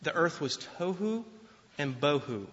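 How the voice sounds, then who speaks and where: Male pastor, sermon delivery, lively and conversational, slightly raised pitch, long hall reverb, dull sound. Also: measured pace. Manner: animated, conversational preaching with repeated restarts.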